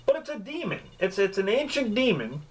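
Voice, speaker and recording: A man giving a casual, joking movie review, with swearing and lively storytelling. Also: sits high, fairly quick, low-quality recording. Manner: profane, joking, animated storytelling.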